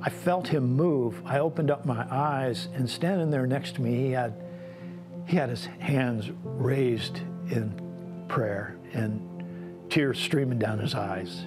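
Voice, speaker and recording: A male pastor shares a heartfelt personal testimony from the stage in a mid-pitched voice. He speaks with earnest sincerity, and music plays clearly underneath him the whole time. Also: slow. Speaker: staff pastor. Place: large arena event.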